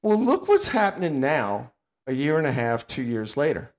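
A man's voice: mid-range voice, big pitch swings, normal speed. An older man, co-hosting a casual podcast and ranting bluntly and sarcastically. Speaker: podcast co-host.

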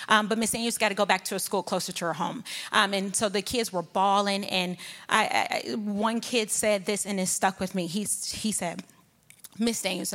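Woman telling a testimony in a reverberant hall. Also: medium pitch. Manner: lively storytelling, acts out her own inner dialogue with God. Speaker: church member sharing a testimony. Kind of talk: testimony to a church congregation. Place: church sanctuary. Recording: long reverb of a large hall.

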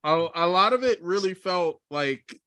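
A man's voice: sits high, animated, unhurried, bright, forceful tone, no room sound. A man co-hosting a podcast in casual chat, restarting his words often and exclaiming easily. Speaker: podcast co-host.

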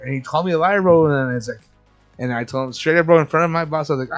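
A man's voice: a little high, faint music behind. A man in his thirties co-hosting a casual podcast, telling a heated story with lots of swearing and slang. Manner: profane, animated storyteller, quick to anger. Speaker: podcast co-host. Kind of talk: casual chat.

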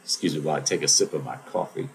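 A man's voice: very deep voice, very fast, gravelly, slight background noise, rough recording. A man hosting a podcast, telling a story in a casual, digressive monologue with wry asides. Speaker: podcast host.

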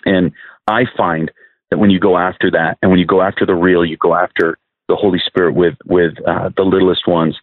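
A man's voice: sits low, fairly even intonation, a little fast, dry recording. A man, a minister, earnestly telling a testimony as a podcast guest, often restarting and repeating words. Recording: dry, phone-like narrow sound.

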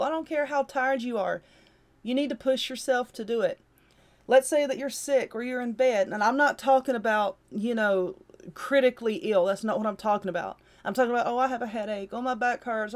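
A tired woman hosting a casual solo podcast, chatting and giving a motivational pep talk. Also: on the high side. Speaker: podcast host.

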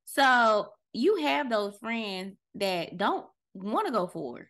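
Woman podcast host with a bit of vocal fry, loose and chatty, talking to y'all like friends. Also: medium pitch, very animated, takes it slowly, fairly bright tone. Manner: chatty, addresses listeners as y'all; loose, conversational, self-correcting. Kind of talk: casual motivational talk.

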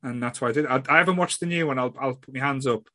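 A man's voice: medium pitch, fast talker, pushed and bright, no room sound. A man hosting a podcast in casual chat, rambling with restarts and blunt swearing. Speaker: podcast host.

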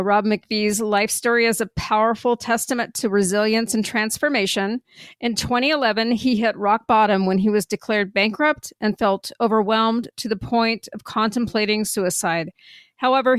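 A middle-aged woman hosts a podcast, reading a scripted introduction before slipping into easy conversation. Her medium-pitched voice is bright, warm, and clean, recorded dry and close to the mic with no echo, and she laughs often.

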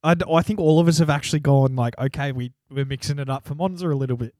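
A man's voice: a little high, fast, darkish tone, no room sound, clean studio sound. A man, co-hosting a podcast in casual chat and laughing often as he banters. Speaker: podcast co-host.

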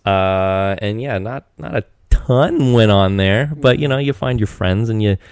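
A young man from Eastern Washington chats loosely as a podcast guest, piling up fillers and restarts. His voice sits low and sounds smooth and resonant. The handheld mic gives a dry, close sound. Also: unhurried, a little mellow, no echo. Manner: rambling, many restarts and fillers. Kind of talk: casual chat.

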